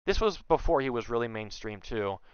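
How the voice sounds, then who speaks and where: A young man telling a story in casual chat, animated and loudly acting out what others said. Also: medium pitch, fairly quick, smooth, no echo, lo-fi sound. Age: young adult. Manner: animated, acts out quotes loudly. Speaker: guest.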